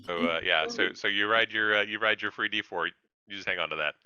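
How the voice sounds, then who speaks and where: A man running a tabletop game, narrating in a rambling way full of fillers and restarts. His voice is low, with a bright, forceful edge. The recording is dry and dull, like a lo-fi mic. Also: fairly quick, clean tone, dry recording. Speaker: game master.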